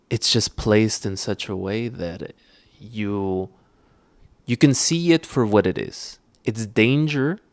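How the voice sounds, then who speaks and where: A man co-hosting a podcast, giving measured, sardonic commentary with frequent pauses on a close mic. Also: lowish voice, no echo. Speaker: podcast co-host. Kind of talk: casual critical commentary.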